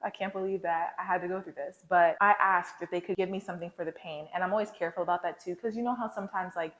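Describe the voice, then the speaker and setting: A woman with a somewhat low voice shares a confessional faith story, talking to her viewers in a casual, slangy way. The sound is roomy, with a clear echo around her. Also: steady tone, fast, fairly bright tone. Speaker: lifestyle vlogger. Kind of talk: candid faith storytelling to camera.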